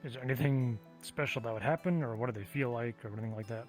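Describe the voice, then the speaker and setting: Guy in voice chat rpg, lots of uhs, medium voice, music clearly playing behind. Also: medium pitch, fast, darkish tone. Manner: hesitant, many uh fillers. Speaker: roleplay player. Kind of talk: in-character roleplay. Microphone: online voice chat.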